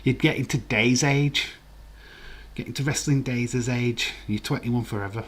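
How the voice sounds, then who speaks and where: A man's voice: medium pitch, a little slow, a bit bright. A man in his forties hosts a live watch-along stream. He chats casually, reads viewer comments aloud and rambles with filler words.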